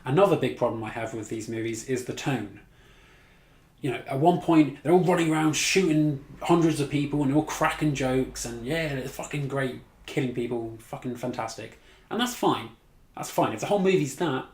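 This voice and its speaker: A blunt, sweary man rants through a movie review, exasperated and scoffing. His voice sits at an ordinary pitch and rings in a roomy, echoey space. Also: moderate pace. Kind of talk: casual ranting movie review. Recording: echoey room.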